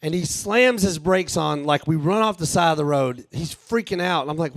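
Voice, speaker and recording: A man, telling a profane, animated stand-up story at a live show. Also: on the high side, normal speed, few pauses, dry recording. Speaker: stand-up comedian. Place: live show with a small audience.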